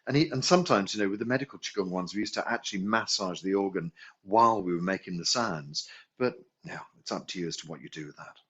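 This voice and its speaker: A man teaching a qigong healing class, gently guiding breaths and sounding out long vocal tones and hums. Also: low-pitched, expressive, breathy edge, highs cut off. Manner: gentle, unhurried guidance with sung tones and hums. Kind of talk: guided healing class instruction.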